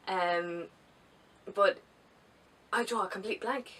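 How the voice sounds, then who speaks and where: A woman's voice: fairly low pitch, a little slow, long pauses, fairly bright tone. A young woman with an Irish accent, chatting casually to camera as a travel vlogger, rambling a little with ums and restarts. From Ireland. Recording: distant mic with faint background noise.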